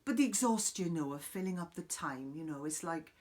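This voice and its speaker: A man playing an eccentric middle-aged woman guru, rambling and swearing in an improvised comic monologue, lurching between loud outbursts and hushed asides. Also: fairly high pitch, expressive, brisk, lightly acted. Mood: rambling musing. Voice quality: profane, wandering, sudden loud outbursts then quiet asides. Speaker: comic character host. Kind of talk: improvised character monologue to camera.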